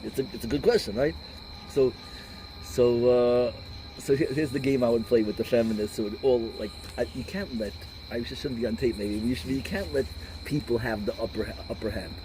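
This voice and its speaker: A man's voice: mid-range voice, fairly quick, slight background noise, rough recording. Combative man giving a rabbi's talk. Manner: combative, animated, peppered with Yiddish and Hebrew words. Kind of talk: informal lecture with storytelling.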